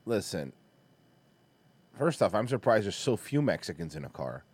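A man's voice: fairly low pitch, sing-song, normal speed, a little mellow, breathy edge. A man hosting a podcast, joking crudely and talking casually over a video. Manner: brash, profane, joking. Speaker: podcast host.

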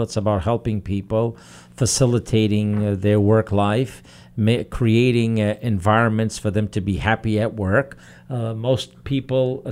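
A man in his fifties with a lowish voice is talking on a radio show about his career. His speech is steady and earnest, with frequent pauses and fillers. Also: smooth. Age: 50s. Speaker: guest, human resources director. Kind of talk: radio interview. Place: radio studio.

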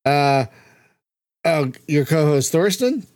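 A man's voice: a little high, sing-song, slow pace, a little mellow, dry recording, studio quality. A man from Philadelphia hosting a casual podcast chat, laughing often and tripping playfully over his words. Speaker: podcast host. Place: home setup on a voice call.

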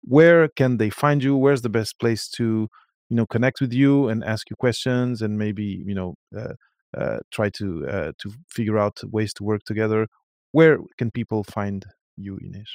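A man's voice: on the low side, moderate pace, darkish tone, no echo, clean studio sound. A man hosting a podcast interview, asking questions hesitantly with fillers and restarts. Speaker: podcast host. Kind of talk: casual interview chat.

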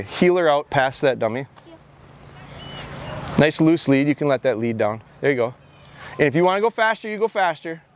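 A man's voice: a little high, a little hiss or hum. A man in his thirties teaching a dog training class outdoors on a mowed field, coaching handlers and often repeating his words as he gives instructions.

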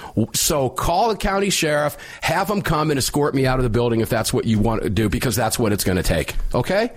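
A middle-aged man hosting a talk radio show, telling a story loudly and emphatically with a sinus infection. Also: medium pitch, brisk.

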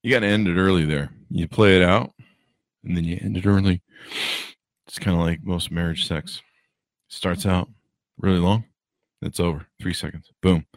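Low-voiced guy rambling on his own live stream, jokey and self-mocking, dry close sound. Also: steady tone, moderate pace, long pauses, no room sound. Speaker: podcast host. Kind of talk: casual live-stream chat.

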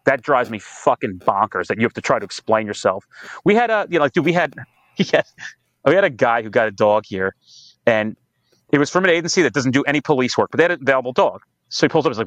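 A man's voice: medium pitch, quick pace, no echo. A man guest on a podcast interview, telling cop stories with lots of swearing and quoted back-and-forth. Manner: profane, animated storytelling with quoted dialogue. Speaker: police training company founder, guest.

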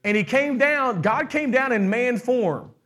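A middle-aged man preaching a sermon with animated delivery, putting on quoted voices and asking the congregation questions. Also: very high voice, measured pace. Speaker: pastor.

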